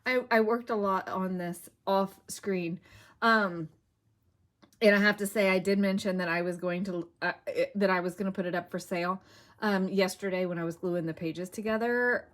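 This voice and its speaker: A woman's voice: medium pitch, fairly even intonation, normal speed. A middle-aged woman hosting a casual crafting vlog, chatty and self-deprecating, with plenty of fillers as she walks through a finished project. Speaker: crafting channel host.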